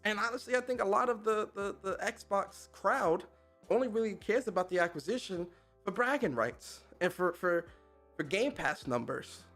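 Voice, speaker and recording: A man's voice: high voice, animated, normal speed, fairly bright tone, faint music behind. A man hosting a casual live-stream podcast, talking in a laid-back, slangy way and laughing often. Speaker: podcast host.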